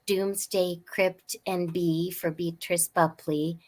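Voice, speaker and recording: A woman guest on a podcast, chatting in a bubbly, rambling, excitable way. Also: fairly low pitch, slow pace. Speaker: guest actress. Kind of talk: casual podcast chat.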